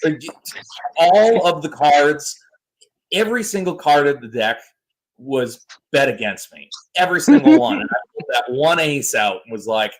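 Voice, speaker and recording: A man's voice: a little high, normal speed, low-quality recording. A man in his thirties co-hosting a podcast, telling stories in a loose, exaggerated way. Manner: animated, exaggerated storyteller. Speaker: podcast co-host. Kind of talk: casual storytelling chat.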